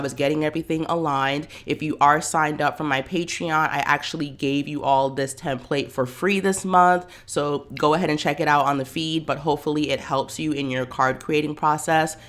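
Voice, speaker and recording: A young woman from Brooklyn, New York, vlogs about her small shop in a chatty, anxious way, exclaiming often. Her voice is deep and a bit bright.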